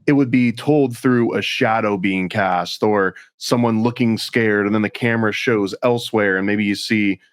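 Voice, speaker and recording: A man co-hosting a podcast in casual chat, making dry, deadpan jokes. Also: on the low side, moderate pace, few pauses, no echo. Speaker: podcast co-host.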